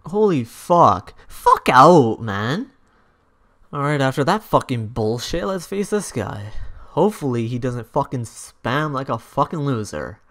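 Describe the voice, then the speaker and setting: A young man commentating his own online match, swearing and yelling in angry outbursts at his opponent. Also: medium pitch, expressive, a little slow. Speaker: gaming YouTuber. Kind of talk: live gameplay commentary.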